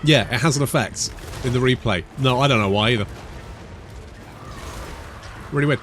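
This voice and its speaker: A man's voice: mid-range voice, moderate pace, a bit bright, a little hiss or hum. A British man casually commentating a strategy game, chatty and rambling with joking asides. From Britain. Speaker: gaming YouTuber. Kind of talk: casual let's-play commentary.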